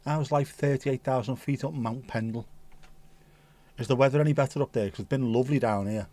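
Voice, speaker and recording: A man's voice: mid-range voice, brisk, mellow. A man hosting a casual livestream, chatting with viewers in a jokey, teasing, rambling way. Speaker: livestream host.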